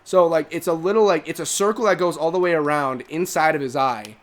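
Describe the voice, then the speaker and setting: A man's voice: a little high, a little fast. A young man chatting casually while streaming a game, rambling with many fillers. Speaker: gaming co-host. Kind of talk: casual chat while gaming.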